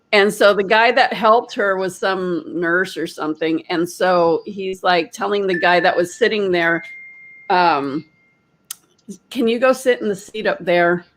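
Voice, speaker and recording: Chatty woman telling a story, lots of likes, acts out her own lines, mid-pitched. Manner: animated, chatty, many "like" fillers. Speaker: energy healer, host. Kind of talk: casual storytelling.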